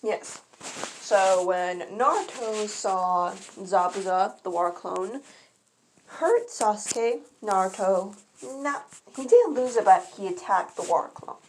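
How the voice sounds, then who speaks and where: A woman's voice: mid-range voice, slow pace, slight background noise. A woman casually reading her own first-person fan story aloud. She often stumbles and corrects herself mid-sentence.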